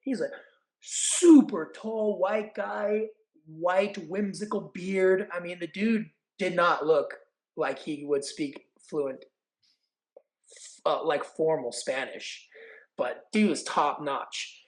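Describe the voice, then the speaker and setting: A man in his forties from California, a guest telling stories in casual chat, acting out quotes with animated energy. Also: sits high, slow, rough recording. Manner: animated, acts out quotes and announcer calls. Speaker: podcast guest, actor and event announcer. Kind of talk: casual storytelling.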